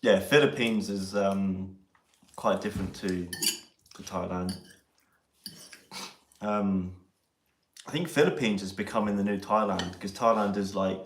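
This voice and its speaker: Low-voiced English man, casual live-stream banter, echoey sound, faint background noise. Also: unhurried, long pauses. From England. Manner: banter and laughing. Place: outdoors near Ely.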